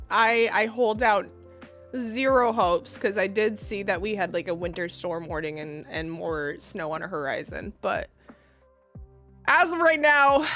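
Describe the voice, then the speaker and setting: A woman's voice: on the high side, fairly bright tone. Giggly, bubbly woman streamer. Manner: bubbly, giggly, chats to viewers by name. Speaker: livestreamer. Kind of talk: casual live-stream chat.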